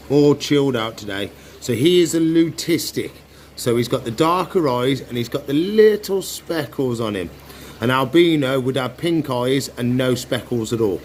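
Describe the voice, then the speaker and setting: A man, a reptile keeper chatting casually through animal checks and coaxing the animals in a soft voice. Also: medium pitch, slight background noise. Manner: chatty, talks softly to the animals. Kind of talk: casual animal care vlog.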